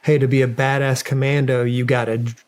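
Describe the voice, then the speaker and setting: A man's voice: medium pitch, level tone, brisk, darkish tone. A man telling a story from his army days in a loose, rambling way, full of fillers and swearing, as a podcast guest. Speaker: guest, former soldier. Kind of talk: casual storytelling.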